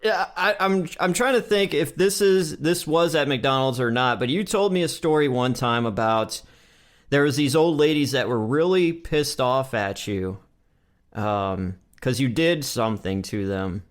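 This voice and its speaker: A man's voice: mid-range voice, measured pace. A man hosting a casual interview with his father, asking easygoing questions and laughing along.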